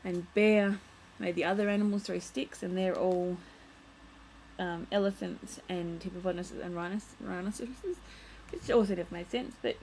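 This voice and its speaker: A woman's voice: on the low side, darkish tone, slight background noise, poor audio. A young woman vlogging at home, chatting casually as she shows and reads from a children's picture book, full of playful asides.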